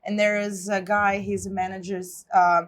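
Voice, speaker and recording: Russian-accented woman, interview guest, animated storyteller who laughs a lot, mid-pitched voice. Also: moderate pace. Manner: lively storyteller, laughs often. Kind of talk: casual interview chat.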